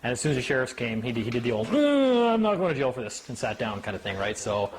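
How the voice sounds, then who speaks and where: Animated man telling stories to a group. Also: quick pace, a little hiss or hum. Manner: animated storyteller, mimics officials in a higher voice. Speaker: speaker. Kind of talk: casual talk to a small group.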